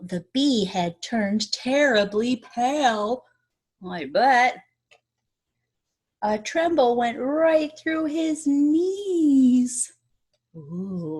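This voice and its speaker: Slow, breathy woman teacher reading aloud. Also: mid-range voice, a little mellow. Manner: pauses to quiz young listeners on rhyming words; stretches out key words for effect. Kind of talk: reading a picture book aloud to children.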